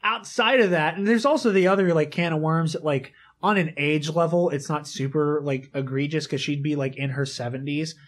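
A man with a slightly raised pitch chats casually in a group, animated and quick to swear. He retells scenes with gusto and reads lines aloud in a steady rhythm. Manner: animated, swearing, quotes lines in dramatic voices.

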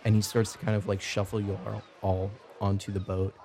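A man narrates a tabletop game as game master in a low, gravelly voice with a dark, mellow tone. His delivery is relaxed and peppered with fillers. There is faint noise in the background. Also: fairly quick, soft background music.

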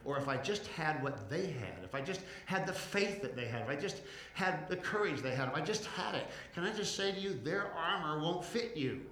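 A male pastor preaching a sermon, rising in intensity, slowing down to stress words and calling on the congregation to respond. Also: on the high side, lively intonation, bright, forceful tone, roomy sound. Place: church.

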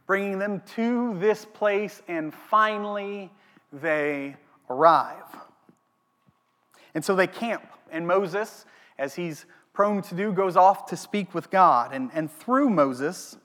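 A man preaching a sermon as a pastor, animated, asking the congregation questions. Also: high voice. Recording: long hall reverb.

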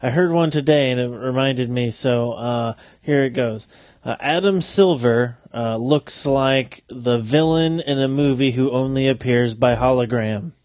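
A man's voice: medium pitch, measured pace, a little mellow, no room sound. Dry-witted male podcast co-host. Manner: dry, wry interjections. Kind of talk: casual chat.

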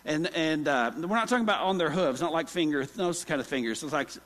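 A man preaches a sermon in a church sanctuary, telling folksy stories and tossing questions to the congregation. His voice sits high for a man, and the sound carries a long hall reverb. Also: lively intonation, a little fast, fairly bright tone. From Oklahoma. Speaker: pastor.

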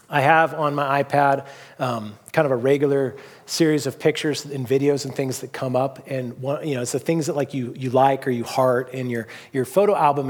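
A middle-aged male pastor with a somewhat high, slightly husky voice delivers a sermon. He talks in a loose, conversational way, telling stories with plenty of "you know"s and restarts. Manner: conversational storytelling with many fillers and restarts. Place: church hall.

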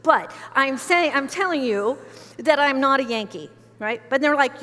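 Woman pastor, high voice, conversational emphatic sermon delivery, reverberant sanctuary. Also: animated, normal speed, pushed and bright. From United States. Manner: conversational, emphatic, frequent asides.

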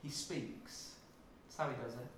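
A man preaching a sermon, dropping to a hush and rising to loud emphasis as he tells the story. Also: mid-range voice, steady tone, measured pace, echoey room, background noise. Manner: dramatic shifts from hushed to loud when acting out scenes.

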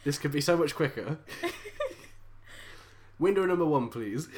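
A teasing English woman in a relaxed chat, with a dry sense of humour. Her voice is strikingly low for a woman, yet she moves it around freely as she mimics shop staff and laughs. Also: slow pace, long pauses, slight background noise. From England. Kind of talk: casual chat.

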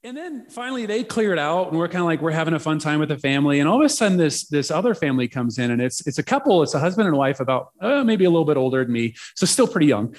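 A man delivers a sermon as a personal story, chatty and playful, full of asides. His voice sits a little high and swings widely in pitch. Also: big pitch swings, fast talker, hardly any pauses. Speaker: preacher telling a personal story.

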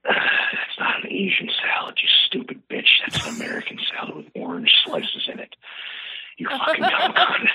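A man voicing a smug young man's scornful inner monologue, in a hushed, sneering half whisper. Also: fairly high pitch, very animated, normal speed, slightly rough, voice pushed up, heavily acted, rough recording.

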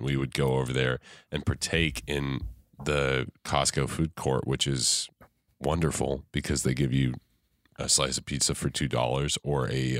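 A man's voice: a bass voice, a bit bright, dry recording, clean studio sound. A man co-hosting a podcast, chatting casually in a rambling, hesitant way full of fillers. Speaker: podcast co-host. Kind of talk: casual banter.

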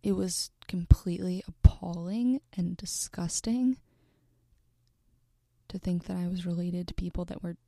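A young woman in her twenties talks earnestly to the camera, halting and restarting, her low voice gravelly with fry. Her delivery stays flat, and she often sinks into a breathy near-whisper. The recording is close and dry. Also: no echo. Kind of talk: personal storytelling to camera.

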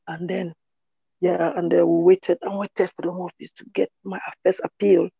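A woman from Cameroon, telling her own story in an interview in an earnest, halting way with many restarts. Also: on the low side, level tone, gravelly, dark tone, husky, dry recording, dull audio. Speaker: interview guest. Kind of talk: personal testimony in conversation.

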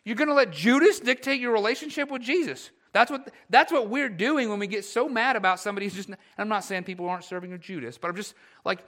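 A male pastor preaching a sermon, blunt and animated, who slips into mock voices of grumbling churchgoers. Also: high-pitched, quick pace, few pauses.

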